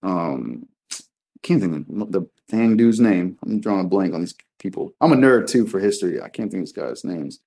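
A man's voice: deep voice, lively intonation, moderate pace, vocal fry, dark tone. A man talking in a casual, rambling and jokey way as a podcast guest. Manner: rambling, jokey, drops into mock voices. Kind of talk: casual chat.

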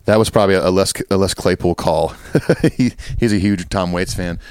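Smooth, low-voiced easygoing male co-host. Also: moderate pace, a little mellow, no room sound, studio quality. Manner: easygoing, agreeable, rambling. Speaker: podcast co-host. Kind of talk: casual chat.

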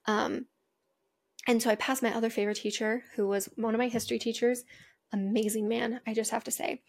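Young adult woman, podcast host, slightly high voice, chatty storytelling, frequent asides. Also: flat delivery, brisk. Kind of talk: casual personal storytelling.

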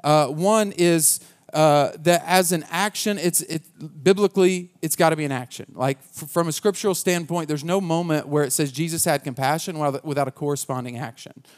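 A man's voice: a little high, normal speed. A man preaching a conversational sermon as pastor, earnest and casual, often restarting his sentences.

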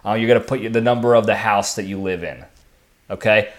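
A man's voice: lowish voice, a little fast. A man hosting his own podcast, talking casually on his own and often checking in with "okay" and "all right.". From lives in Texas. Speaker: podcast host. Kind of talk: casual solo monologue.

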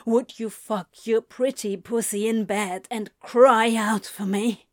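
A woman voicing a female demon, speaking in a slow, husky, teasing murmur. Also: a little high, fairly even intonation, no echo, studio quality.

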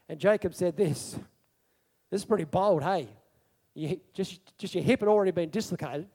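A male preacher giving a sermon in an animated storytelling manner, asking his congregation questions. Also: high voice, normal speed, husky, big-room sound.

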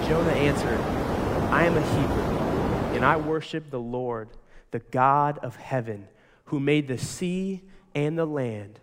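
A young adult male pastor preaching a sermon, telling stories with dramatic swings between loud passages and hushed ones. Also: on the high side, measured pace, long reverb tail, very noisy.

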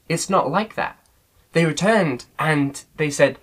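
A man's voice: medium pitch, expressive, normal speed, a bit bright, rough recording. A man leading an online Bible study in a casual teaching style, earnest and loosely phrased with frequent filler sounds.

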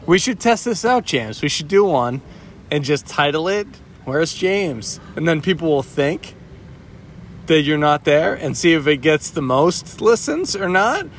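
A man's voice: fairly high pitch, sing-song, a little slow, slight background noise. A man hosting a podcast, teasing his co-hosts in a playful casual chat. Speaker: podcast host.

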